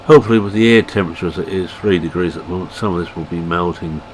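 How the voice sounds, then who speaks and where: A man's voice: sits low, very fast. A man with a Scottish accent giving casual, self-deprecating commentary while playing a farming game, thinking aloud as he goes. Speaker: gaming channel host. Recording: game engine and vehicle noise behind.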